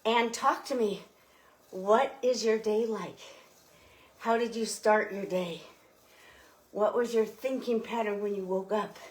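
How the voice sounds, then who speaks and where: A woman's voice: medium pitch, slow, long pauses, a little mellow. A woman fitness instructor leading a cycling workout while riding, slightly out of breath, giving encouraging coaching cues.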